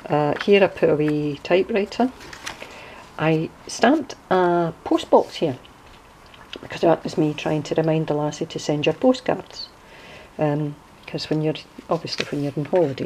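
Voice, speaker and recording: In this casual show-and-tell video, a crafter from Scotland chats in her Scottish accent about her handmade journal, straying now and then to explain local expressions. Her voice is deep and a touch mellow, and the rough recording carries slight background noise.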